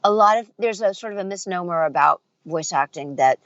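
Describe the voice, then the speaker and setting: A woman's voice: fairly low pitch, a little fast, no echo, highs cut off. A middle-aged woman voice actor and dialect coach telling stories in a casual interview, acting out the voices she quotes. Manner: animated storyteller, acts out quoted voices.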